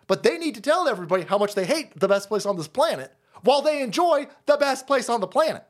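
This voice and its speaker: A man hosting a livestream, ranting profanely and mockingly about politics, often breaking into shouts, while dabbing a bleeding nose. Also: very high-pitched, very animated, fast talker. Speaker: streamer host.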